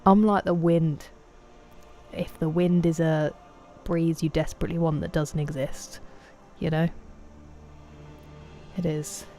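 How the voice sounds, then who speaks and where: A woman's voice: fairly low pitch, a little mellow. Chatty woman streaming a game. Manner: chatty, greets chat viewers by name, playful. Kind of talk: casual live-stream chat while gaming. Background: faint game music.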